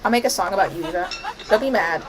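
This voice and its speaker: A woman's voice: medium pitch, quick pace, slight background noise, rough recording. A woman streaming a life-sim game, commenting playfully and bossing her characters around. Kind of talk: live gameplay commentary.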